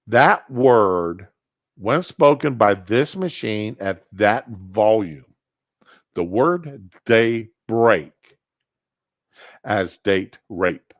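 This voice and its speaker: A man's voice: medium pitch, no room sound. A man in his fifties telling a rambling personal anecdote, correcting himself as he goes on a casual talk show. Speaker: podcast host. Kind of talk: casual storytelling monologue. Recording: dull lo-fi sound.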